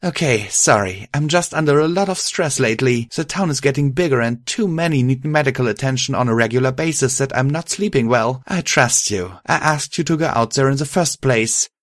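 A man's voice: mid-range voice, fairly quick, hardly any pauses, no echo, studio quality, pitched above the performer's own voice, lightly acted. A man voicing a kind, stressed mare who is both nurse and mayor of a small town, given to anxious outbursts. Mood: apologetic.

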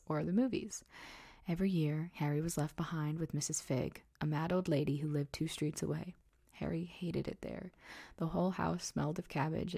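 Lady whisper-reading a story, husky and gravelly, mellow. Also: deep voice. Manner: soft, hushed and steady. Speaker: narrator.

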